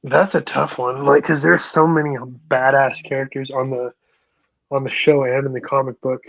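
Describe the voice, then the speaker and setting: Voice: mid-range voice, level tone, moderate pace, gravelly, a bit bright, no echo. Laid-back, hesitant voice, dry and lo-fi. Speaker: co-host of a live comics stream. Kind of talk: casual chat. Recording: dry, dull lo-fi stream audio.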